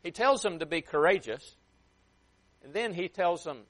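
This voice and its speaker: A man preaching a sermon with emphatic swings in loudness and pace, sometimes acting out a parent scolding a child. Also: high-pitched, lively intonation, moderate pace. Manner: emphatic, rising and dropping sharply for effect.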